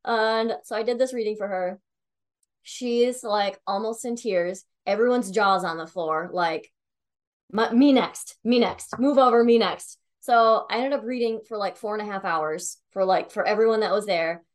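A woman's voice: medium pitch, normal speed. A young woman telling a personal story in a casual, chatty way, full of "like" and "um", with the odd swear. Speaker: tarot reader.

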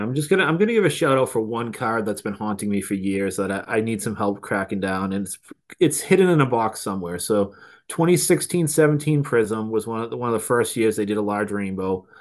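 Lower-voiced man with a Boston accent. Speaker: podcast guest. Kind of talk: casual podcast chat.

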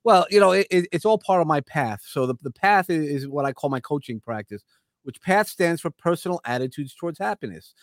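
Guest, male, New York accent, slightly high voice, earnest rambler, dry close sound. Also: lively intonation, brisk, dry recording. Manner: rambling, earnest, repeats words when starting. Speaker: podcast host and coach, interview guest. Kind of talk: casual interview talk.

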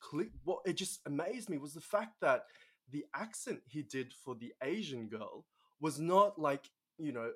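A man's voice: on the high side, unhurried. Chatty young Australian man. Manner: chatty, many fillers, animated quoting. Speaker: guest. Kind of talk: casual storytelling in conversation.

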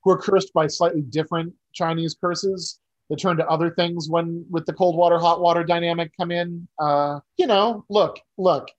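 A man's voice: a little high, steady tone, normal speed, few pauses, muffled recording. A man co-hosting a podcast in casual chat, rambling and wry, often interrupting himself. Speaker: podcast co-host.

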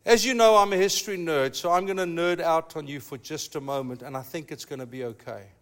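A pastor preaching a sermon, telling a story with emphatic, slow dramatic pauses. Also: male voice, a little high, fairly bright tone.

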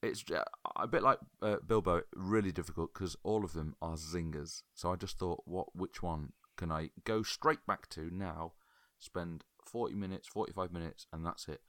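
A man co-hosting a podcast in casual chat, enthusiastic and halting with repeated starts. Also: low voice, no echo, clean studio sound. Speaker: podcast co-host.

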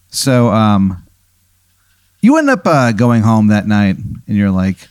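Man, casual storyteller, slow-paced, dry close mic, rambling with uhs. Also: on the low side, sing-song, a little mellow, smooth, no echo. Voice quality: meandering with many uhs and profanity. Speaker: podcast host posing a hypothetical.

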